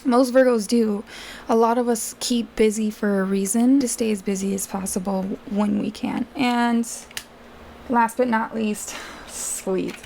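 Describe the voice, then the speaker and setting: A woman reads tarot cards in a loose, chatty way, talking straight to her viewers. Her voice is gravelly and mellow, sitting a little high for a woman. Faint room sound hums behind her. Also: steady tone, unhurried, slight background noise. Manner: chatty, addresses viewers directly, frequent fillers. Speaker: tarot reader. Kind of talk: casual tarot reading for viewers.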